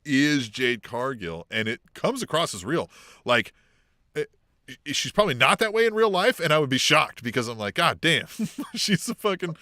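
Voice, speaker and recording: A young adult man co-hosting a podcast in casual chat, with a sharp, forceful brightness to his voice. He swears freely and laughs easily. The sound is close and dry. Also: medium pitch, very animated, normal speed, no room sound. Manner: profane, laughs often, reads chat comments. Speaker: podcast co-host.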